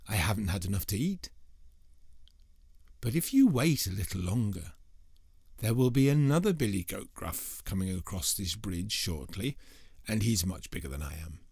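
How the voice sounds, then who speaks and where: Skinny clever billy goat, smooth talker, husky low voice, storyteller man doing him. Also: darkish tone, dry recording, studio quality, full character voice. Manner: persuasive, coaxing. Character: thin clever young male billy goat.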